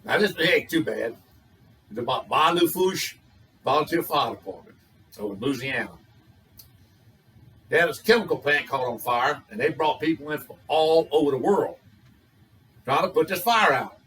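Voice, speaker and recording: An older man with a drawl tells off-color jokes in a folksy, rambling way. His voice sits a bit high and sounds bright and forceful. He sounds some distance from the mic. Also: expressive, moderate pace, long pauses. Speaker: joke teller. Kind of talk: telling raunchy jokes.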